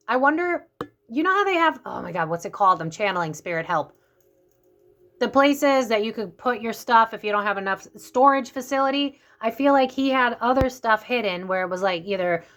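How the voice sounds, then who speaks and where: A woman's voice: on the high side, fairly bright tone. A woman giving a casual psychic tarot reading, talking in a rambling way full of fillers and restarts. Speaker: psychic reader.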